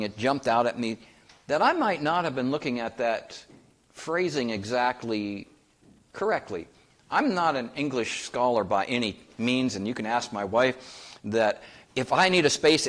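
A man's voice: medium pitch, fairly bright tone. A man preaching a sermon in a folksy, conversational way, asking the congregation questions and joking with them. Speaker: pastor.

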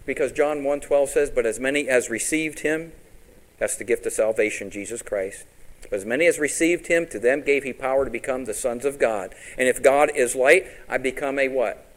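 A middle-aged man preaching a sermon as pastor, lively and throwing rhetorical questions at his congregation. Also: mid-range voice, normal speed, rough recording.

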